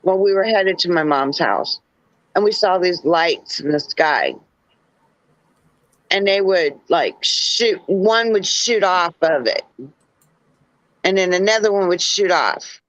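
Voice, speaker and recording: A woman guest telling a story in a halting way, searching for words. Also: lowish voice, animated, no room sound, lo-fi sound. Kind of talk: casual storytelling.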